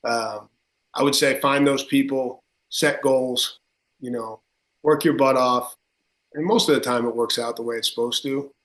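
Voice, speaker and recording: A man with a tri-state accent talks in an emphatic, energetic run with many fillers, answering questions as a football coach. His middle-pitched voice rings in a roomy, echoing space. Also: a little slow. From Connecticut. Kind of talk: podcast interview. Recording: roomy echo.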